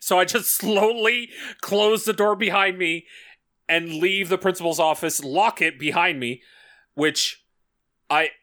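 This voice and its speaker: A young man chatting casually on a podcast, rambling and halting, with lots of filler and swearing. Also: high voice, bright, forceful tone. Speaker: podcast co-host. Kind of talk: casual chat.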